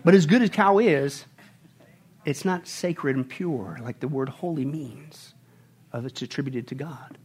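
A man preaching a sermon as pastor, swinging from quiet asides to loud, mocking bursts. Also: on the high side, unhurried, husky.

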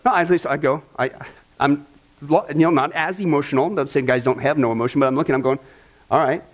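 A man's voice: a little high, fast. A middle-aged man, a pastor, teaching Scripture in a loose, storytelling way, full of fillers and repeated words, often asking "right?" and "okay?". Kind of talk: Bible teaching.

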